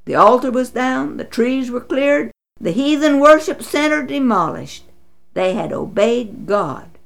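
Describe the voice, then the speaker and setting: Slow, expressive woman storyteller. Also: gravelly. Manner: dramatic, voices quotes with big pitch swings. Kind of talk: expressive scripted Bible story narration.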